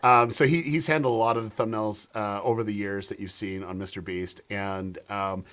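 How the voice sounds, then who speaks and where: Speaking at an even, moderate pace in a lowish voice, this man is a YouTube strategist appearing on a live stream through a video call. He tells stories in an animated way, constantly restarting and filling gaps with fillers.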